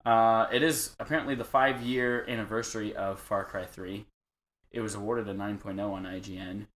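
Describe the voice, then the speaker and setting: A man hosts a casual gaming podcast with a bright, forceful tone. He talks loosely, swears freely and laughs easily. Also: fairly low pitch, fairly even intonation. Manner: loose, profane, quick to laugh. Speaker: podcast host.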